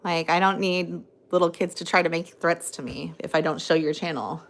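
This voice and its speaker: A woman's voice: on the low side, fairly even intonation, moderate pace, gravelly. A young adult woman hosting a casual phone livestream, rambling, reading out viewer comments and cooing at her dog. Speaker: livestream host.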